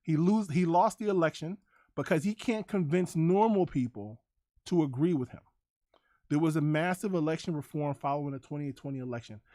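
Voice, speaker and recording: A man's voice: a little high, fairly quick, dark tone, no room sound, studio quality. A man hosting a livestream, ranting to his chat in a combative, profane, repetitive way. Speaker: livestream host.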